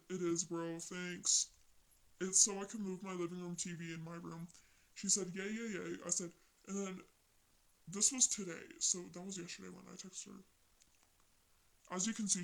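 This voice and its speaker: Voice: medium pitch, vocal fry, fairly bright tone, low-quality recording. Young vlogger rambling through a story. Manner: slangy, rambling retelling of text chats. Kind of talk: casual storytelling vlog.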